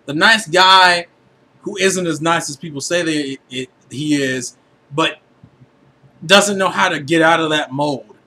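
Man, anime reviewer, high voice, casual and profane, lots of filler. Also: unhurried, slight background noise. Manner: animated, profane, filler-heavy.

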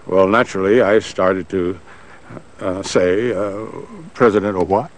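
A man recounting past events in an interview, slowly, acting out the voices he quotes. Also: low-pitched. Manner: slow, animated, acts out quoted voices. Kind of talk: archival interview storytelling.

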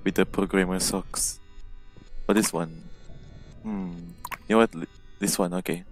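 Jumpy low-voiced man playing a game. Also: big pitch swings, unhurried, creaky, faint music behind. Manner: jumpy, nervous, frequent startled exclamations. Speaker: gameplay commentator. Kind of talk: casual gameplay commentary. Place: at home, alone at night. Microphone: headset microphone.

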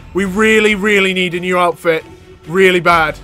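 A man giving excitable let's-play commentary as a gaming YouTuber, yelping, cackling and chattering at the game. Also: sits high, normal speed, faint music behind.

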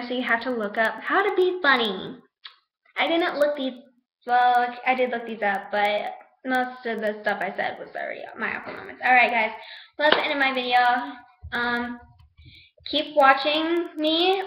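A teenage girl with a high voice talks straight to her camera, chatty and sassy, tossing in scolding asides. The sound bounces around a bare room at home, picked up by the camera's own mic. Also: normal speed, fairly bright tone, echoey room, low-quality recording. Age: teens. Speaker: vlogger. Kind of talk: casual vlog talk to camera.

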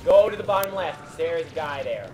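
A young man co-hosting a let's play, giving goofy, excitable commentary and bossing his partner around. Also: a little high, moderate pace. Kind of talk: casual gameplay commentary. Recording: game music underneath.

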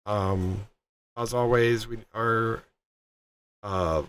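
A man's voice: fairly low pitch, fairly even intonation, extremely slow, fairly bright tone, a little hiss or hum. A man streaming a game, chatting casually to his viewers in a rambling way full of ums and restarts.

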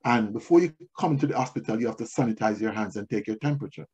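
A man's voice: fairly low pitch, rapid-fire, darkish tone, slightly rough, dull audio. A male pastor delivering a sermon, moving from storytelling to emphatic preaching.

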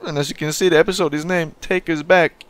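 A man's voice: on the high side, fairly even intonation, fairly quick. A man giving casual gaming commentary, rambling and swearing, often scolding himself. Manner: profane, self-critical, rambling. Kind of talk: casual let's play commentary.

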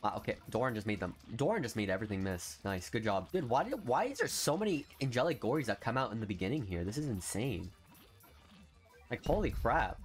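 A young man commenting on a mobile game he is streaming, grumbling low, then bursting out loud in frustration. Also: lively intonation, a little fast, soft background music. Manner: frustrated ranting, swings from low muttering to loud outbursts. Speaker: gaming streamer. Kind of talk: casual gameplay commentary.

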